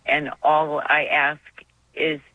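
A woman's voice: low-pitched, little pitch movement, slow. Female caller, emotional and earnest testimony, muffled lo-fi phone sound. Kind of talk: call-in testimony.

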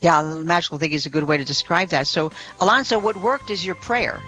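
Calm woman co-hosting religious radio. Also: lowish voice, fairly quick, poor audio. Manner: calm, reassuring. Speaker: radio co-host. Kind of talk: call-in religious talk radio.

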